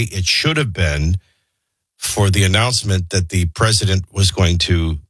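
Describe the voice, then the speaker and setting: A man's voice: low-pitched, a bit bright, slightly rough, no echo. A man hosting a morning radio talk show, running through the news with opinionated, sarcastic asides in a conversational tone. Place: radio studio. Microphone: studio microphone.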